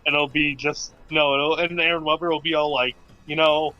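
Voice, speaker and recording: A man's voice: a little high, steady tone, brisk, bright, forceful tone, muffled recording. A man chatting casually as a stream co-host, teasing and chatty. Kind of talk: casual chat.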